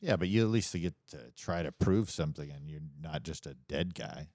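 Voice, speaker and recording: A man's voice: extremely low pitch, lively intonation, moderate pace, a little mellow, dry recording, studio quality. A man co-hosting a comedy podcast, rambling with lots of restarts and chuckles. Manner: rambling, restarts often, chuckles mid-sentence. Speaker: podcast co-host. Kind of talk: casual comedic podcast banter.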